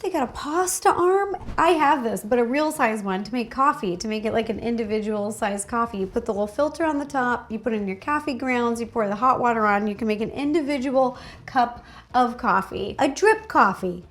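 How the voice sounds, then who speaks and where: A woman hosting a casual reaction video, gushing and excitable, gasping often and exclaiming in delight. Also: fairly high pitch, brisk.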